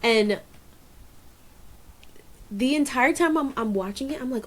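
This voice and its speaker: A woman co-hosting a podcast in casual chat, rambling with many fillers and jumping up in pitch to stress a point. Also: lively intonation, slow. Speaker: podcast co-host.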